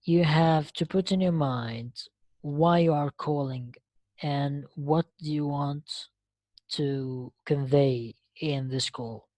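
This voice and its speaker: Over an online lesson connection, a woman with a deep, mellow voice and no echo leads a live English class. Her explanations are slow and patient, and she frequently stops to make sure students keep up.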